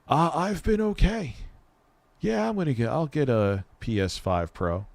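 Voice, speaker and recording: A man's voice: a little high, expressive, unhurried, gravelly, dry recording. A man hosting a casual livestream, chatting with viewers in a rambling, enthusiastic way and swearing freely. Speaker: streamer host.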